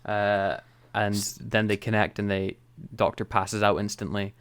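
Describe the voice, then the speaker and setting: Scottish male co-host, low register, halting, laughs a lot, dry booth sound. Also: level tone, fairly bright tone, smooth, dry recording. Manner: rambling, hesitant, laughs often. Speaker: podcast co-host. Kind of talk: casual chat reviewing a TV episode.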